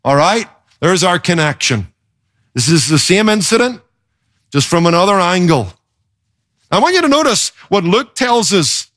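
Expressive male pastor preaching. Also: normal speed, long pauses. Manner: expressive, emphatic, swings pitch for effect. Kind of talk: sermon.

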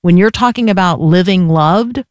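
A woman hosting a faith radio show, speaking in a reflective, unhurried way and closing with an encouraging exhortation. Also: fairly low pitch, darkish tone, no room sound, studio quality. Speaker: radio host. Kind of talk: faith radio interview and sign-off.

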